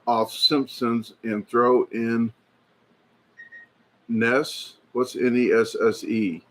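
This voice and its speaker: A man hosting a casual livestream, rambling and chatty as he reads viewer comments aloud, filling pauses with lots of fillers and restarts. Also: medium pitch, level tone. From United States. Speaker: livestream host. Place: indoors at a hobby shop.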